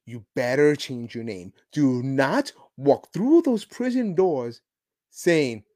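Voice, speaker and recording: A podcast host talking solo with a lively, swooping pitch. The delivery is sarcastic and mocking, punctuated by emphatic bursts of stress. It sounds like an unscripted monologue of opinionated commentary. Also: slow. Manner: sarcastic, mocking, chuckling asides.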